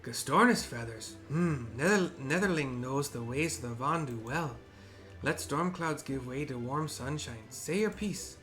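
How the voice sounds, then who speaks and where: A man's voice: mid-range voice, expressive, measured pace, a bit bright, soft background music. A man voicing a solemn male bird-man tribal healer in a video game, with a raised, chanting, ceremonial delivery.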